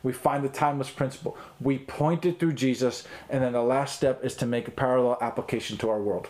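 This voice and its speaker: A man's voice: medium pitch, steady tone, fairly quick, darkish tone. A middle-aged man teaching as a pastor in a recorded online talk, earnest and conversational, with frequent ums and restarts.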